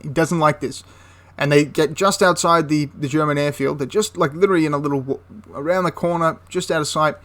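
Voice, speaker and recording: A man's voice: fairly high pitch, steady tone, brisk, hardly any pauses, a bit bright. A young man casually retelling a wartime history story, chatty and prone to correcting himself mid-sentence. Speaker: history channel host.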